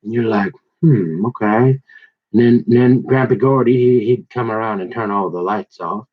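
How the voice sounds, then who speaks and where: A man telling rambling personal stories, digressive and halting, with many restarts and asides. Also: fairly low pitch, steady tone. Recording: dull lo-fi recording.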